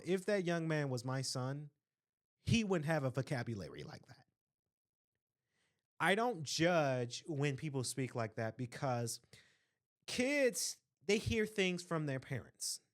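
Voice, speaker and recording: A man hosting a casual solo podcast, speaking earnestly and with strong opinions, repeating phrases for stress and often asking "right?". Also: a little high. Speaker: podcast host.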